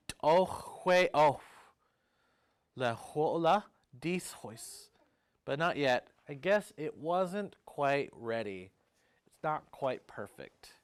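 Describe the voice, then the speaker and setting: A man telling a traditional story, speaking each phrase slowly and then translating it into English, with chant-like repetitions. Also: fairly high pitch, smooth. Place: community storytelling event.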